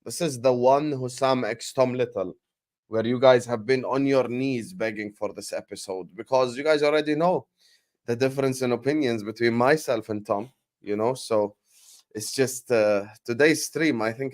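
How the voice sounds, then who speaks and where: A young man hosting a casual football debate livestream, animated and full of banter and fillers, while fasting. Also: medium pitch. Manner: animated, banter-heavy, lots of filler phrases. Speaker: football podcast host.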